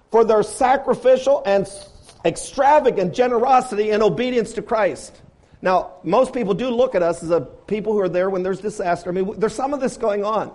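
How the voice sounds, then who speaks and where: A man preaching a sermon, firing rhetorical questions and swinging between loud appeals and quiet, low asides. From grew up on a farm.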